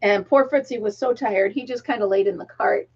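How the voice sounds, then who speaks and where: A woman's voice: medium pitch, brisk, darkish tone, slightly rough, muffled recording. A middle-aged woman hosting a casual crochet livestream, chatting, laughing often and counting stitches aloud, with a tickle in her throat. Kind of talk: casual chat while crocheting.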